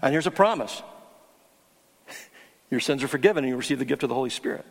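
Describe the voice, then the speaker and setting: A man's voice: medium pitch, animated, a little fast, in a large hall. A man preaching a teaching sermon, earnest and emphatic on key words. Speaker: pastor.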